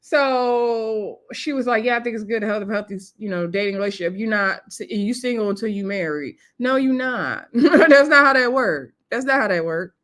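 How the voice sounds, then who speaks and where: A woman's voice: mid-range voice, fairly quick. A woman recapping a reality TV episode in casual, chatty commentary, retelling scenes with quoted lines and sassy asides.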